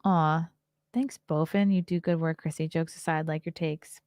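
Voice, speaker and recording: A woman in her thirties hosts a loose livestream chat, reading viewer comments aloud and answering them. Her voice sits fairly low for a woman. The sound is close and dry, with no room around it. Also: fairly even intonation, moderate pace, a little mellow, clean tone, no room sound. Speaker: podcast host and comedian.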